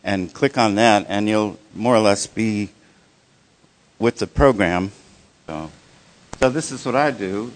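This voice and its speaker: Male workshop presenter, low-pitched, casual and halting, with frequent restarts and audience check-ins. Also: a little hiss or hum. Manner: halting, many restarts and fillers. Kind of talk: live workshop talk.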